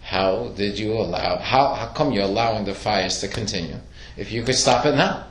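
A man's voice: on the low side, normal speed. A man teaching a Torah lesson to a class, asking questions and telling stories with acted-out quotes. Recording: echoey room.

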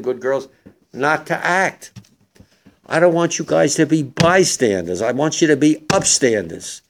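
An older war veteran giving an emotional, halting memorial speech to young people in a hall. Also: male voice, mid-range voice, creaky, darkish tone.

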